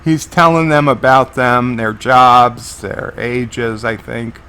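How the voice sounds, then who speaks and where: A man's voice: medium pitch, steady tone, slow, sharp tone, smooth. A man giving live reaction commentary on a TV episode, narrating scenes as they unfold and often restarting his sentences. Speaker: TV episode reviewer.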